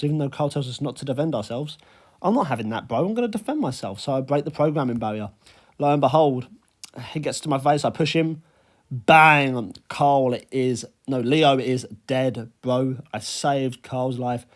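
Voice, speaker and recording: A young man recapping a video game he played, talking fast and excitedly and saying "bro" a lot. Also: medium pitch. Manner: animated, says "bro" constantly. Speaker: gaming YouTuber.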